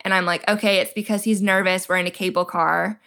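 Lively young woman telling a story. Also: medium pitch, a little fast, gravelly, clear, resonant tone. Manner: animated, acts out quoted dialogue with many "like"s. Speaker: podcast guest, military spouse. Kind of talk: casual storytelling interview.

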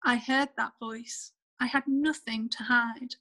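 Woman author reading her rhyming kids book at bedtime, gentle, high voice, unhurried. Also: steady tone, rough recording. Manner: gentle, measured storybook reading. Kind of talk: bedtime story reading in rhyme.

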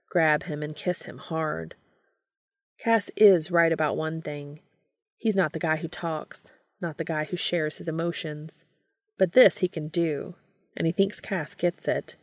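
A woman giving a steady, scripted narration of a romance story. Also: fairly low pitch, dry recording, studio quality.

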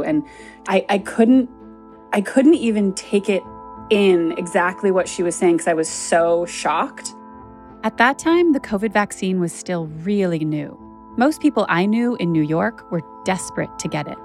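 A woman's voice: medium pitch, expressive, unhurried, darkish tone, faint music behind. A woman journalist telling a personal story as a podcast narrator, candid and conversational with frequent "like" fillers.

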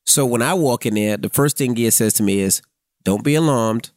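A man's voice: mid-range voice, normal speed, darkish tone, no room sound, studio quality. A middle-aged man co-hosting a podcast, chatting casually, cracking jokes and often answering with "right" and "correct.". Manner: joking, backchannels with "right" and "correct". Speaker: podcast co-host, radio host. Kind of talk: casual storytelling chat.

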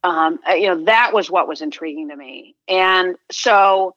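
Middle-aged woman, sports agent guest, bright lower voice, earnest and reflective, dull dry sound. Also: unhurried, no echo. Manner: reflective, earnest, frequent restarts. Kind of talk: conversational interview.

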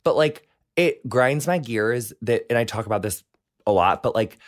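A man's voice: mid-range voice, animated, normal speed. A man in his thirties hosting an interview podcast, gushing and campy, peppering his speech with "like" and "honey.". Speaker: podcast host. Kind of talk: casual interview chat.

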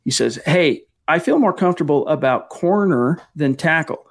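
Guy hosting a podcast stream, slightly high voice, energetic, thanking viewers and reading messages. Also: moderate pace. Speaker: podcast host. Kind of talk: casual live-stream podcast chat.

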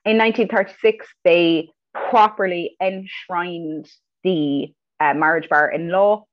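A woman's voice: lowish voice, fairly even intonation, a little slow, highs cut off. An Irish woman co-hosting a history podcast, talking earnestly and repeating words as she starts a thought. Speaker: podcast co-host. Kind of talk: casual history podcast chat.

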